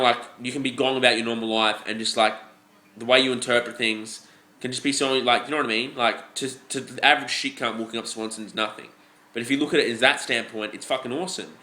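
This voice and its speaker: A young man with an Australian accent delivers a blunt, swear-laden vlog rant, looping back on his words and restarting sentences as he goes. His voice has a bright, sharp edge. The room around him is echoey. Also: medium pitch. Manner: profane, blunt, rambling with many restarts. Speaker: fitness vlogger. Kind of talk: ranting vlog monologue.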